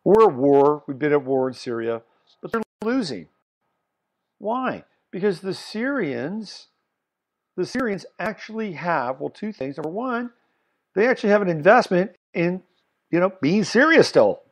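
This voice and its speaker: A man hosting a solo commentary podcast, talking bluntly and swinging between loud emphasis and muttered asides. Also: high voice, big pitch swings, a little slow. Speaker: podcast host.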